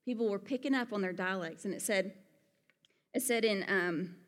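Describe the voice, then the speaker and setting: A woman's voice: mid-range voice, normal speed. A woman from Alabama with a Southern accent, preaching a sermon in an earnest, conversational way with folksy asides. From Alabama, USA. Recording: long hall reverb.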